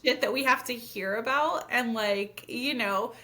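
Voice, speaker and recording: A woman co-hosting a podcast in easy, frank chat. Her voice is very bright and forceful and sits somewhat high. She swears casually and talks with lots of fillers. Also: a little slow. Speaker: podcast co-host.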